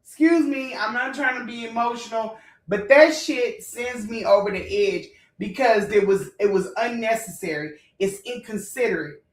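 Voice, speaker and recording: A fired-up woman with a fairly high voice and rants to her viewers. She is blunt and profane, and her emotional telling rings in an echoey room. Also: normal speed, recorded from a distance. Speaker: vlogger. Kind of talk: heated storytime rant.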